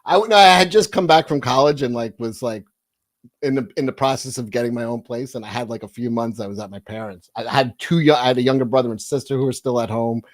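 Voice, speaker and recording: A man's voice: medium pitch, fast talker, no room sound. Profane, rambling male storyteller, dry sound. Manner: profane, rambling, laughs through his own stories. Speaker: podcast co-host. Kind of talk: crude comedic storytelling.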